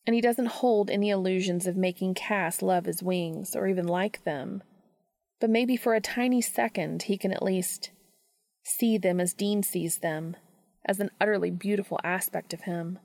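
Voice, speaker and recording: Gravelly-voiced woman reading a story. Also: mid-range voice, normal speed, a little mellow, no room sound, studio quality. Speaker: reader. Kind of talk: reading fan fiction aloud.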